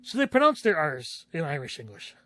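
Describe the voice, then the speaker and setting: A male streamer chatting casually, reading text aloud haltingly and correcting himself as he goes. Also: fairly high pitch, huge pitch swings, pushed and bright, no room sound. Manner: musing, reads aloud haltingly, self-correcting. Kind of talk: casual stream chat, reading game dialogue and notes aloud.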